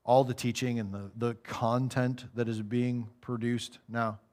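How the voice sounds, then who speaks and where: A man with a mid-range voice preaches a sermon in a church in a conversational style. He acts out little voices and goes quiet when making serious points.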